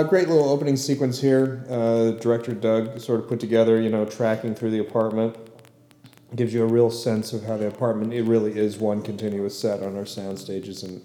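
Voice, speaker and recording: Low, mellow man hosting a podcast. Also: echoey room. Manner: relaxed, rambling with many fillers. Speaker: podcast host and producer. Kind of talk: casual commentary podcast.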